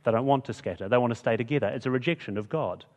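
A man's voice: medium pitch, very fast, darkish tone, big-room sound. A man preaching a sermon in a chatty, conversational way, often asking the listeners rhetorical questions. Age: adult with school-age kids.

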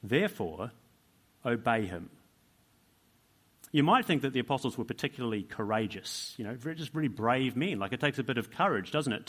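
Male preacher, average-pitched voice, emphatic sermon delivery built on rhetorical questions and repetition. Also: fairly bright tone. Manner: emphatic, asks rhetorical questions and repeats key phrases.

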